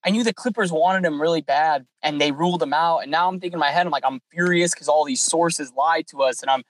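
Animated man telling a sports story. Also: a little high, quick pace, rough recording. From California. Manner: animated storyteller, acts out dialogue. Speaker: podcast co-host. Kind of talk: casual sports podcast chat.

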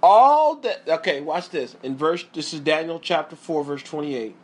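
A man preaching a sermon, emphatic and repetitive, often pausing to tell his listeners to watch closely. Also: a little high, steady tone, breathy edge.

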